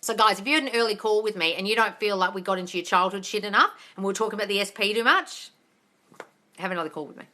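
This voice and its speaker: A woman's voice: mid-range voice, fast talker, sharp tone. A woman coaching viewers on a casual livestream from home, blunt and sweary, calling them darling. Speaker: manifesting coach answering live chat questions. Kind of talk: casual live-stream chat. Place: home, dog barking nearby. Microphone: phone livestream.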